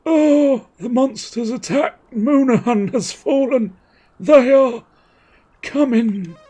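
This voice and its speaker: A man voicing a panicked young male soldier in a video game, shouting his warnings in a frantic, drawn-out way. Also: extremely high pitch, pitched above the performer's own voice, exaggerated voice.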